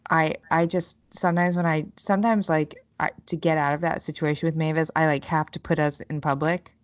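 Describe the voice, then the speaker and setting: A woman's voice: deep voice, steady tone, brisk, no echo, studio quality. A woman co-hosting a podcast in casual chat, telling parenting stories candidly and swearing freely. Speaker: podcast co-host.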